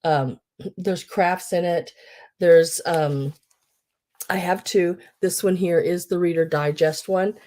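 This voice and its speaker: A woman's voice: lowish voice, steady tone, slow pace, darkish tone. A woman hosting a live online sale, telling rambling, chatty stories full of fillers. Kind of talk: casual live-sale chat.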